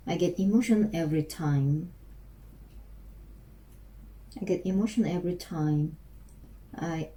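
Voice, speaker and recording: Slow halting woman with a Korean accent. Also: fairly low pitch, mellow, rough recording. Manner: halting, repeats and restarts phrases while drilling. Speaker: language learner practicing English. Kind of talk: self-recorded English practice.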